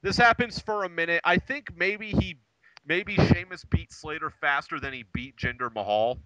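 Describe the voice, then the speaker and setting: Excitable podcast guy recapping wrestling, high bright voice, dry close sound. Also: moderate pace, no echo, lo-fi sound. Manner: excitable, jokey, drops into impressions. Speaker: podcast co-host. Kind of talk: casual wrestling recap chat.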